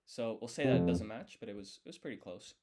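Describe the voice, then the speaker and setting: A man's voice: mid-range voice, fast, dark tone. A man thinking aloud as he studies, explaining each step and quizzing himself under his breath. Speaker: language learner streaming his study. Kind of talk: thinking aloud while studying.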